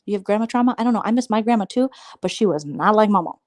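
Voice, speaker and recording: A woman's voice: lively intonation, rapid-fire, dry recording. Gossipy woman livestreamer, dry and close. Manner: gossipy, mocking, mimics others in high squeaky voices; rambling, sarcastic. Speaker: livestream host. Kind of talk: casual late-night livestream chat.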